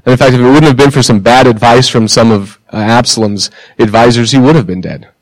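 A man preaching a sermon in a conversational way, asking the congregation questions and pausing for emphasis. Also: mid-range voice, dry recording, poor audio. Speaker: pastor.

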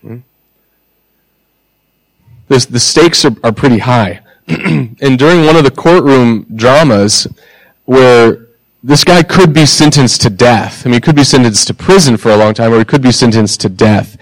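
A man preaching a sermon in a conversational way, asking the congregation questions and pausing for emphasis. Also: mid-range voice, no room sound, low-quality recording. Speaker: pastor.

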